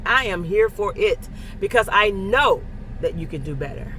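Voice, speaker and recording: A woman's voice: mid-range voice, animated, normal speed, bright, forceful tone, a little hiss or hum. A middle-aged woman, a first grade teacher, talking in a casual, emphatic vlog style and repeating phrases for stress. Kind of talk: casual faith-filled vlog talk.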